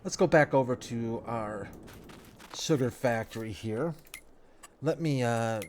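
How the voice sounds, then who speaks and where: A man, sounding stuffed up, giving relaxed, rambling commentary over a game as a let's play host, talking half to himself with folksy phrases. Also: mid-range voice, slow pace, slight background noise. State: stuffed up nose. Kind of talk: casual gameplay commentary.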